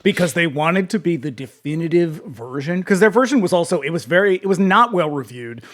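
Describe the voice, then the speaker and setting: A man's voice: on the high side, animated, fairly quick, a bit bright. A man co-hosting a podcast, chatting casually about an old film and adding behind-the-scenes trivia. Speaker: podcast co-host.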